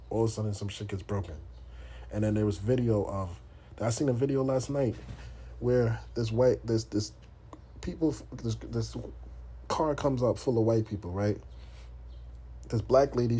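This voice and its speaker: A man's voice: on the low side, dark tone, a little hiss or hum. A man from the United States hosting a podcast, talking in a blunt, profane, casual monologue full of restarts. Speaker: podcast host.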